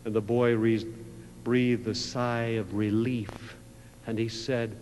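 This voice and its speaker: A man preaching a sermon, telling a story in a dramatic way that swells from a hush to a loud climax. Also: mid-range voice, level tone, slow. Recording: reverberant hall with faint mains hum.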